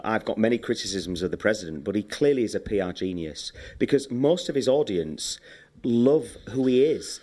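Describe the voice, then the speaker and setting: A man's voice: mid-range voice, darkish tone. A modest, articulate man with an English accent, speaking as a guest in a casual interview. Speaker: podcast guest, PR professional.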